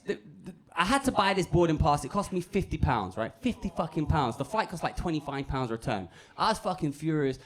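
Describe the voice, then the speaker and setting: A male stand-up comedian tells a sweary, punchy story on a comedy club stage into a handheld mic. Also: a little high. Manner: animated, punchy storytelling with a sweary, petty humour.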